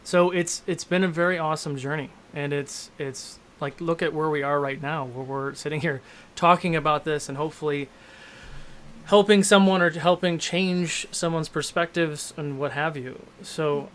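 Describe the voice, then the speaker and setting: Candid rambling man, slightly high voice. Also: a bit bright, slight background noise. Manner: candid, rambling, self-deprecating, lots of "you know" and "like". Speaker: game master and show host. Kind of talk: casual panel discussion.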